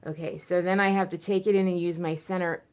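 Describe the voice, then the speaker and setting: A woman's voice: fairly low pitch, fairly even intonation, quick pace, a little mellow, clear, resonant tone. A woman talking frankly in a rambling personal vlog at home, full of fillers and restarts. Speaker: vlogger. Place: at home, indoors.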